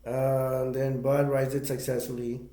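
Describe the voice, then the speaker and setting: A man's voice: mid-range voice, completely flat delivery, moderate pace, mellow, echoey room. A man casually retelling the plot of a movie for a review, rambling with many fillers and restarts.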